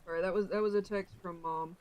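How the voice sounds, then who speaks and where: Rambling livestreamer with loud outbursts. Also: mid-range voice, steady tone, fast. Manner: rambling, with sudden loud exclamations. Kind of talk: casual chat with stream chat.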